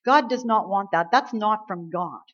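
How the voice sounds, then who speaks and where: A woman's voice: mid-range voice, normal speed, a bit bright, highs cut off. A woman preaching a sermon, earnest and emphatic, quoting scripture and building to stressed points.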